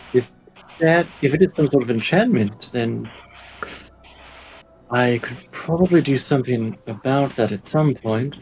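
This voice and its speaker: A man playing a tabletop game, speaking in a mild, measured way. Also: mid-range voice, a little mellow, slightly rough, low-quality recording. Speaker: player. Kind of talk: casual tabletop play.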